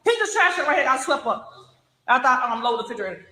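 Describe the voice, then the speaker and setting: A woman, a mother, loudly scolding her kids at home during a live stream, laughing as she goes. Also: high-pitched, sing-song, very fast, background noise. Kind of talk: loud live-stream chatter. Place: home kitchen, indoors. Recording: roomy with crowd of kids behind. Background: children talking and moving around.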